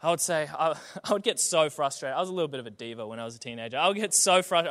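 A young man preaches with animated, self-mocking storytelling. His voice sits high and sounds bright and forceful. Long reverb from a large hall trails his words. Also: rapid-fire, hardly any pauses. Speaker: pastor. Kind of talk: sermon.

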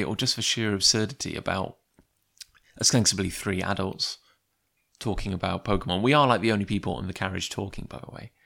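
A man's voice: lowish voice, gravelly, fairly bright tone. A man telling a personal anecdote in a chatty, rambling way with lots of fillers. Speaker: comic creator. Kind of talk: casual personal storytelling.

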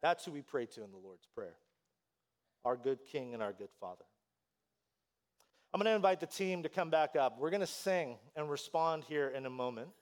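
A man preaching a sermon as pastor, telling a story with lively, animated delivery and acting out voices. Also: a little high, moderate pace, long pauses.

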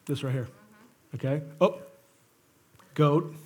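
A man preaching a sermon as a guest pastor, telling stories in an animated way with emphatic bursts and quick asides. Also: on the high side.

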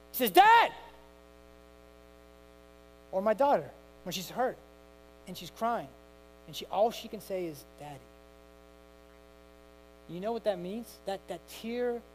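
Middle-aged guy preaching hard, goes soft then loud, bit of mains hum under it. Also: high voice, poor audio. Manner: impassioned preaching, swings from hushed to loud cries. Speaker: pastor. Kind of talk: sermon.

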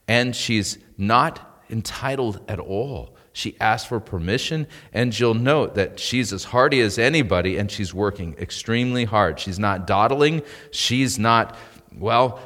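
A man's voice: on the low side, a bit bright, big-room sound. A man preaching an expository sermon in a church, reading scripture and breaking off into asides and rhetorical questions. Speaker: pastor.

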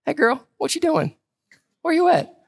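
Guy doing a squeaky flirty dude, teasing and playful. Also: big pitch swings, moderate pace, vocal fry, no echo, studio quality, exaggerated voice.

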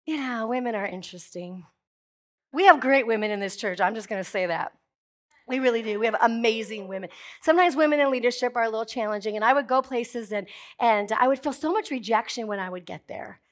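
Woman, pastor, high voice, sermon, emphatic, forceful declarations, jokey asides. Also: brisk.

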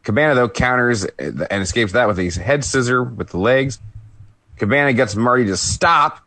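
A man co-hosting a podcast, giving a relaxed play-by-play recap of a wrestling match with light laughs. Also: mid-range voice, moderate pace, no echo. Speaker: podcast co-host.

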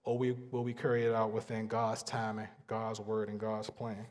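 A man's voice: fairly low pitch, completely flat delivery, a little mellow. Earnest preacher man in a reverberant hall. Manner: earnest, builds emphasis with pauses and repeats. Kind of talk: sermon.

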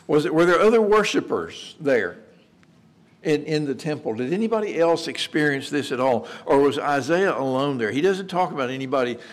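A man's voice: on the high side, sing-song, moderate pace. A man preaching a sermon in a conversational way, asking rhetorical questions and repeating words as he restarts. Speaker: pastor.

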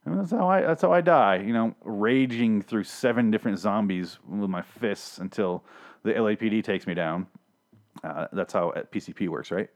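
A man's voice: fairly low pitch, normal speed. A man casually recapping and ranting about a TV show, profane and sarcastic, rambling with frequent restarts. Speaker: TV show reviewer. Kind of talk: casual solo recap rant.

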